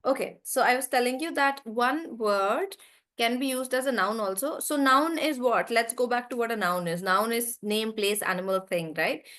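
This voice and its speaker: A woman's voice: on the high side, moderate pace, fairly bright tone. Woman teaching an online class. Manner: explains patiently, repeats words with stress; talks straight to the students. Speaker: English teacher.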